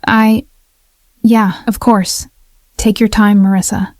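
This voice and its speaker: A woman's voice: medium pitch, level tone, takes it slowly, a little mellow, no room sound, studio quality, close to an everyday voice. A woman voicing an angry male diner manager who snaps and bullies in a hostile way. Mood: cowed. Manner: snapping, hostile.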